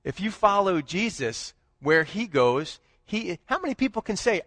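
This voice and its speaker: A man preaching a sermon as pastor, swinging between loud emphatic lines and low hushed ones. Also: sing-song, normal speed, few pauses, dry recording. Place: church.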